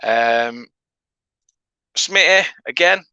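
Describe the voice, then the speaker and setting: A man's voice: medium pitch, expressive, extremely slow, vocal fry, pushed and bright, smooth, no room sound, highs cut off. Chatty English man hosting a livestream. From England. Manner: chatty, reads out viewer comments. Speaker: livestream host. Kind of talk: casual live watchalong chat.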